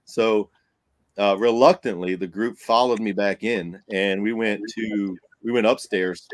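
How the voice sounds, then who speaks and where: A man, a paranormal investigator, telling a story on a podcast in a casual, animated way, acting out what people said and laughing often. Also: lowish voice, unhurried, no echo.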